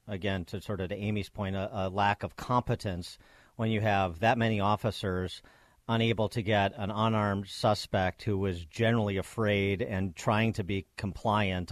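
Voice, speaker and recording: A man hosting a radio interview, asking long, measured questions with many fillers. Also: fairly low pitch, dry recording, studio quality. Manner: measured, hesitant, many fillers between phrases. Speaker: radio host.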